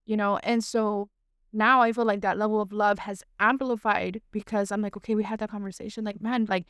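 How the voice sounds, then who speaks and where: A woman's voice: mid-range voice, fairly even intonation, fairly quick, fairly bright tone, clean tone, no echo, clean studio sound. A young woman hosting a podcast, talking candidly in a casual heartfelt conversation, with frequent "like" and "right?" in long flowing runs. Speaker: podcast host.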